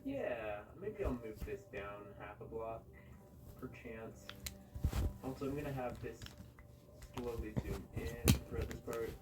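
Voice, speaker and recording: A man's voice: mid-range voice, expressive, a little slow, far from the mic, very noisy. A man chatting casually as he edits a video, rambling and correcting himself and humming to himself. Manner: rambling and self-correcting, hums and sings to himself. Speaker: YouTube creator editing a video. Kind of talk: casual running commentary.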